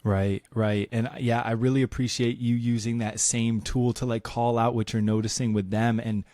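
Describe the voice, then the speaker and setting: A man's voice: medium pitch, flat delivery, normal speed, mellow, no echo. A man hosting a podcast interview, affirming the guest and talking with many hesitations and "like"s. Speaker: podcast host.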